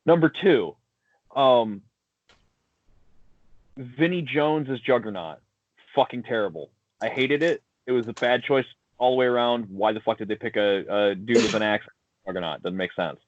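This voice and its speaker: A man co-hosting a casual podcast chat, swearing freely and giving blunt, animated opinions. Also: on the low side, dry recording. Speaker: podcast co-host. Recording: dull lo-fi sound, dry.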